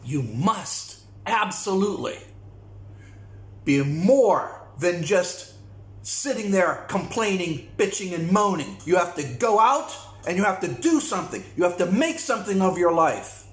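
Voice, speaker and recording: A man's voice: high-pitched, very animated, measured pace, fairly bright tone. A man delivering a blunt, repetitive, profane rant to camera as a vlogger. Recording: echoey room.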